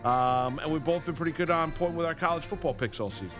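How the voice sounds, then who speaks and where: A man's voice: a little high, quick pace, music in the background. A man co-hosting a sports radio show, chatting casually and teasing his partner, then running through football picks.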